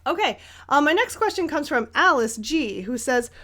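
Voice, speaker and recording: Chatty young woman with a highish voice. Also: big pitch swings, moderate pace, bright, forceful tone. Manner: chatty, rambling, with many ums and laughs. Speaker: art YouTuber answering viewer questions while painting. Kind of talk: casual paint-along chat.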